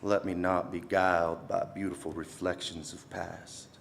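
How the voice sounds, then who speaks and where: Low-voiced young man reading poetry. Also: little pitch movement, moderate pace, gravelly, a little hiss or hum. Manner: casual between poems, swells dramatically while reciting. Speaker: student poet.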